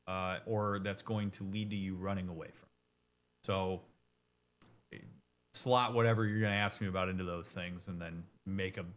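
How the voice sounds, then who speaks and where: A man who works as a therapist, talking over a game in a casual, explanatory way, direct and emphatic, with quick asides and restarts. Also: low-pitched, fairly even intonation.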